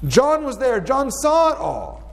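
High-voiced man preaching in a hall. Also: measured pace, creaky. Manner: animated, acts out quoted lines with rising pitch; asks the congregation rhetorical questions. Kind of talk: expository sermon.

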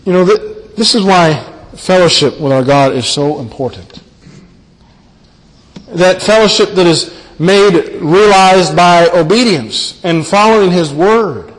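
Halting preacher with hall reverb. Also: male voice, high-pitched, lively intonation. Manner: earnest, halting with repeated words. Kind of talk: sermon.

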